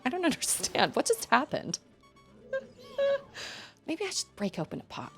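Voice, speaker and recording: A woman's voice: on the low side, wildly swooping pitch, normal speed, faint music behind. A young adult woman streaming at home, chatting and rambling while reacting aloud to a game and her chat. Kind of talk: live-streamed gameplay chat.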